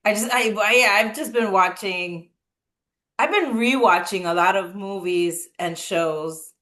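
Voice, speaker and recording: Bright-voiced woman chatting easily. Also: mid-range voice, a little slow. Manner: relaxed, laughs often, listens with short replies. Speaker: podcast co-host. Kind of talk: casual chat.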